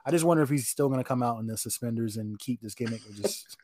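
A man's voice: medium pitch, quick pace, a little mellow, no echo, studio quality. A man co-hosting a podcast in casual chat, rambling through his opinions with lots of fillers. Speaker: podcast co-host.

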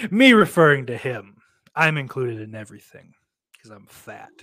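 A man's voice: medium pitch, normal speed, pushed and bright. A man hosting a livestream, reading chat comments aloud and rambling in a profane, self-deprecating way.

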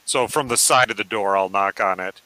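A man's voice: fairly low pitch, moderate pace, pushed and bright, low-quality recording. A man playing a tabletop game, chatting in a casual, joking way. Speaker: player.

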